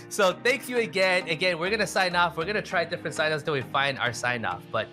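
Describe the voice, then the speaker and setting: A man's voice: high voice, normal speed, pushed and bright, faint music behind. A man co-hosting a casual podcast, teasing his co-host playfully and dropping Spanish words into his English. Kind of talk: casual chat. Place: home in the United States, on a video call.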